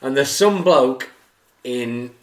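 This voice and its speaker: A man joking deadpan in a casual podcast chat. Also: medium pitch, slow pace, far from the mic. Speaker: podcast co-host. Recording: echoey room, off-mic, faint noise.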